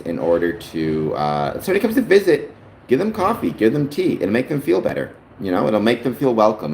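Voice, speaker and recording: A Canadian man with a lowish voice hosts a livestream, chatting casually, rambling a little and talking to his father on the stream. The audio has a roomy echo and faint background noise.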